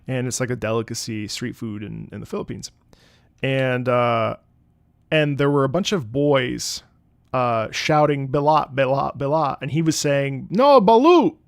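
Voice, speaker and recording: Casual young male streamer, gravelly and close-miked, chatty storyteller over faint music. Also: mid-range voice, steady tone, unhurried, no echo. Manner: rambling anecdotes with loud bursts of laughter. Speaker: streamer reacting to game music. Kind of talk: casual livestream chat. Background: game music playing.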